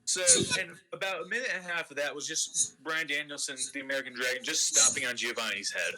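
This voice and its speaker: A man hosting a podcast, chuckling and giving excited play-by-play recaps of a wrestling sim game in casual chat. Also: mid-range voice, quick pace, rough recording.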